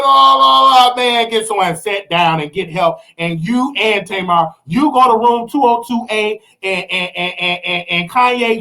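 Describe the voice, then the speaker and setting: A man with a Southern US accent, hosting and ranting in animated commentary, preachy and mocking. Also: sits high. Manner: preachy, mocking, acts out quotes in other voices. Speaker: host.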